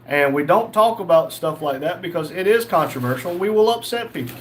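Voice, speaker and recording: Young male streamer, higher pitch, reads chat casually, faint room noise. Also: lively intonation, brisk. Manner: reads chat messages aloud, jokey. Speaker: livestream host reading chat.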